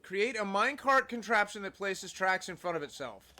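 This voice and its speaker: A woman streaming a video game, chatting casually, animated and exasperated, sometimes shouting at her teammates. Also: mid-range voice, moderate pace. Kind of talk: casual gaming chat.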